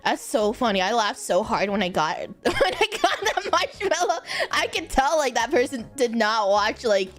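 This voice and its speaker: A young woman streaming casual chat, giggling often and breaking into high laughter. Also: very animated, normal speed, hardly any pauses, soft background music. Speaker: VTuber streamer.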